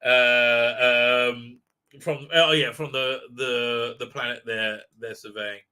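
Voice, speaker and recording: Bright-voiced sarcastic man hosting a stream. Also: medium pitch, steady tone, slow, clear, resonant tone. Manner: rambling, sarcastic, many fillers; mocking put-on voices when quoting. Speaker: show host. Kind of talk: live commentary stream.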